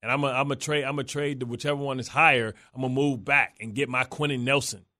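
A man co-hosting sports talk radio, brash and joking, quick to fire back in banter. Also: medium pitch, steady tone, bright, forceful tone.

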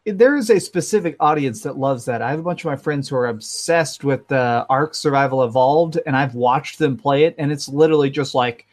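A man's voice: mid-range voice, fairly quick, hardly any pauses. A man in a casual gaming chat, easygoing and thoughtful. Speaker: podcast co-host.

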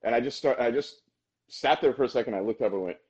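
A man co-hosting a podcast in casual chat, animated and swearing, often mimicking others. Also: medium pitch, fast talker, dull audio. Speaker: podcast co-host.

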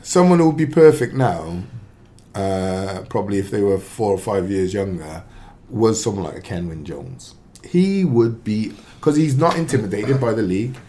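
A man, a former striker, giving his football opinions in a casual sports radio chat, emphatic and quick to jump in. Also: fairly low pitch. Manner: animated, emphatic, interjects often.

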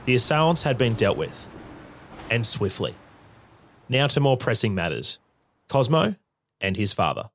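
A man's voice: mid-range voice, big pitch swings, a little slow, pauses often, fairly bright tone, slight background noise. A man giving scripted documentary narration in a wry, dramatic way.

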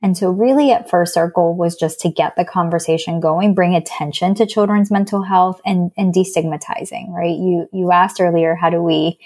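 A woman in her thirties, a psychologist, explaining in an earnest, measured way and often restarting her words. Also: fairly low pitch, steady tone, a little mellow. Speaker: child psychologist guest. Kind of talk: explanatory interview talk.

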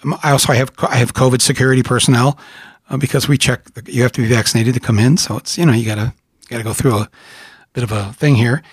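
Husky-voiced man talking animatedly. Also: medium pitch, quick pace, no room sound, clean studio sound. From Michigan. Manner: animated, rambling, frequent restarts and laughs. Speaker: host. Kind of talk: casual conversation.

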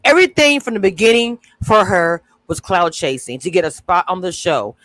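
A woman's voice: lowish voice, animated, normal speed, a bit bright, no room sound, rough recording. Blunt, emphatic woman with a dry sound. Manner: emphatic, blunt, agreeing often. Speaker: review panelist. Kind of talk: casual panel discussion.

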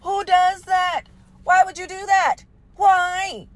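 Her voice is extremely high and slow as she tells a story on her podcast. Casual, blunt and profane, she laughs a lot, stays animated, and addresses listeners head-on as "y'all."

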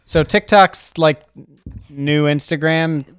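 A man co-hosting a casual podcast chat who cracks jokes in a deadpan way. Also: a little high, slow pace, clean tone, no room sound, clean studio sound. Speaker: podcast co-host.

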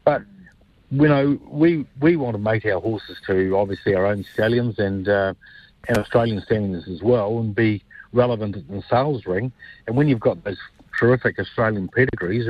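A man from New Zealand, a stud owner guesting on a radio show, telling lively anecdotes. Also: on the low side, normal speed, no echo. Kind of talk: radio interview by phone. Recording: muffled dull phone line.

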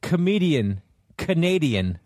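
A man's voice: on the high side, very animated, takes it slowly, very noisy. A man co-hosting a comedy podcast, joking and teasing in casual banter. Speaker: podcast co-host.

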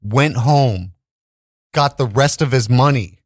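A man telling a story in casual podcast chat, animated and profane, often restarting his sentences. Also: mid-range voice, takes it slowly, no room sound, studio quality.

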